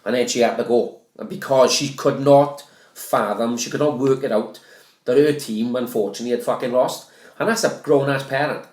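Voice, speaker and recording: Sweary Welsh podcast host, echoey room. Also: male voice, mid-range voice, moderate pace, a little mellow. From Wales. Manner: swears freely, rambling storyteller. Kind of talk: casual banter.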